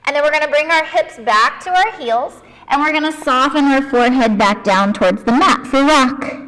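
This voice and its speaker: A woman leading a children's yoga class, gentle and playful, encouraging the kids and making animal noises. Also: high-pitched, normal speed, in a large hall.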